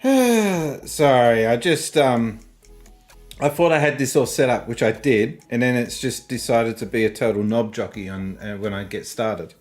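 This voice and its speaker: A man's voice: medium pitch, measured pace, soft background music. A man, casually chatting and chuckling while fixing his stream setup. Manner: laid-back, chuckling, muttering while fixing tech. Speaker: streamer hosting a game stream.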